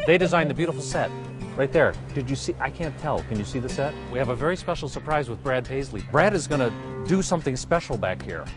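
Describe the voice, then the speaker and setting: Walking backstage at an awards show venue, a man with a medium-pitched voice gives a playful, joking vlog tour, casually pointing things out. Guitar music is clearly audible behind him.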